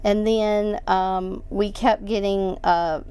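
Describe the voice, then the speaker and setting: A woman speaks as an interview guest, recounting a personal story. She sounds halting and emotional, often restarting her sentences in a medium-pitched voice. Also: steady tone, warm tone, smooth.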